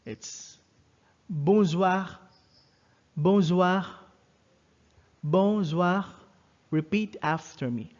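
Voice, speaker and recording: Male teacher, slightly high voice, patient and explanatory, slow repetition for learners; dull lo-fi recording. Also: a little mellow. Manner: explanatory, repeats words slowly for learners. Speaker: French teacher. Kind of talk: recorded online lesson.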